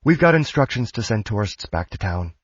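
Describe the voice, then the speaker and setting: A man voicing a brisk, practical young American woman in an audiobook. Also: fairly low pitch, big pitch swings, slightly rough, no room sound, highs cut off. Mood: urgent.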